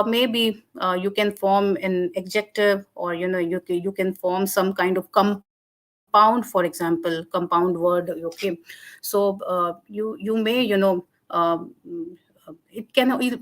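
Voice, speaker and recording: A woman with an Indian English accent, answering audience questions in a linguistics webinar over a video call, explaining patiently with many fillers and restarts. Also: medium pitch. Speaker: webinar guest speaker on linguistics.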